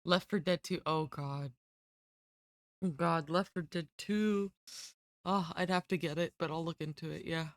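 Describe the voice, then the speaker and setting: A woman's voice: lowish voice, steady tone, a little slow, pauses often, no echo. Giggly rambling woman streamer. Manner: giggly, rambling, self-deprecating. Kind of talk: casual stream chat.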